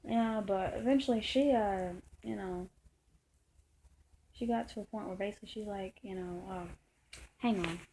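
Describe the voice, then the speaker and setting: A woman's voice: mid-range voice, normal speed, warm tone, husky, low-quality recording. A woman vlogging a long, rambling personal story in a frustrated tone, full of fillers and restarts. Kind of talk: casual storytelling monologue.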